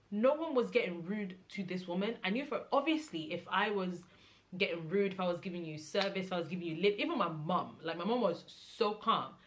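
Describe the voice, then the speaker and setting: Animated woman telling a story. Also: quick pace. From Nigeria. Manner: animated storytelling, mimicking others, rising to exasperated high-pitched outbursts. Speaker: vlogger. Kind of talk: casual storytime vlog.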